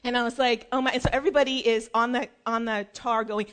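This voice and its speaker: Animated high-voiced mother telling stories. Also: fast, hardly any pauses. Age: middle-aged. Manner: animated, acts out family anecdotes; chatty with many fillers and restarts. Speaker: mother giving parenting advice. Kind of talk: casual storytelling talk.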